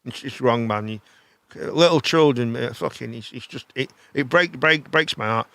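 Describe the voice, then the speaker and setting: Man, live chat show host, rambling and swearing, bright gravelly voice, dry close sound. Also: mid-range voice, normal speed, no room sound. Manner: animated, rambling, swears freely, repeats himself.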